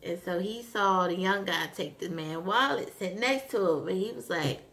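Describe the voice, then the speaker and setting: A woman vlogger casually recapping a TV episode, retelling scenes in an animated way with lots of fillers. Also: fairly low pitch, moderate pace. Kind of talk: casual chat.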